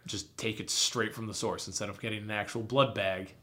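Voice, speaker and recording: Young male co-host, slightly low voice, eager rambling talk, casual swearing. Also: fairly even intonation, fairly quick, pushed and bright. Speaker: podcast co-host. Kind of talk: casual chat.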